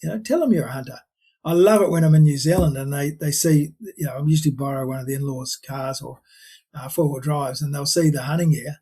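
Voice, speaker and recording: A man's voice: a little high, a little fast, dark tone, slightly rough. An older man, a podcast guest chatting and telling stories in a rambling way, full of restarts. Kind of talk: casual storytelling chat.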